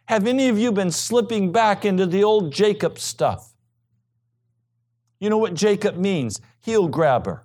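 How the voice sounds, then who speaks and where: Male pastor, sermon delivery, slightly high voice, big swings between loud and soft. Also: animated, measured pace. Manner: emphatic preaching, swinging between loud high peaks and low quiet asides.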